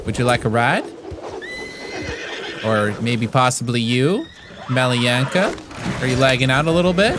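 A man giving comedic gameplay commentary as a YouTuber, goofing around and yelling playful threats at other players. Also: mid-range voice, animated, a little slow, long pauses, background noise. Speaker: gaming YouTuber.

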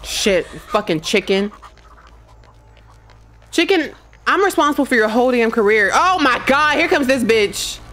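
A woman's voice: fairly high pitch, big pitch swings, unhurried, pauses often, a bit bright. A woman playing a horror game with friends, brash and teasing, trash-talking as she plays. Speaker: co-player. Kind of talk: casual gaming chat with friends.

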